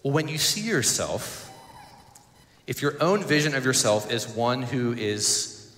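A male pastor preaching a sermon in an earnest way, pausing and repeating words as he goes. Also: mid-range voice, expressive, a bit bright. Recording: echoey church hall.

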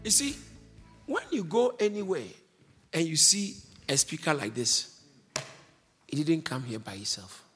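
A man's voice: fairly high pitch, lively intonation, measured pace, long pauses, fairly bright tone, faint music behind. A man preaching a sermon, emphatic, stretching out key words for weight.

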